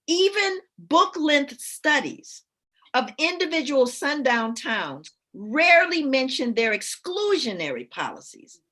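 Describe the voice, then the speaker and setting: A middle-aged woman speaker and educator in lively conversational talk, telling stories with frequent laughter and reading aloud from books with emphasis. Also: high-pitched. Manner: animated storyteller who laughs often.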